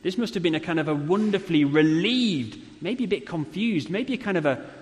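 A man's voice: sits high, lively intonation, brisk. A man preaching a sermon in a conversational way, often ending points with tag questions, recorded. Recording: long hall reverb.

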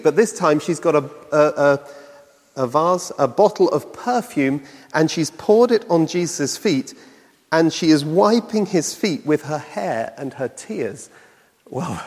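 A man preaches in a chatty, conversational manner, often pausing to put rhetorical questions to his listeners. His voice sits a little on the high side for a man. The sound carries the long reverb of a large hall. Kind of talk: sermon.

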